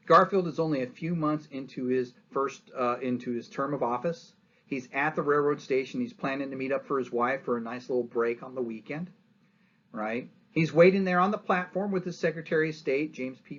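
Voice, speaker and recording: Man lecturing history in a lo-fi recording. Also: a little high. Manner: storytelling with acted-out quotes and frequent "right?".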